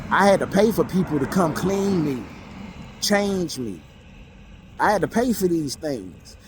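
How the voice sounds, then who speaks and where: A man's voice: on the high side, darkish tone, slight background noise. A man giving a blunt, emotional monologue, profane and repeating himself for emphasis. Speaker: vlogger.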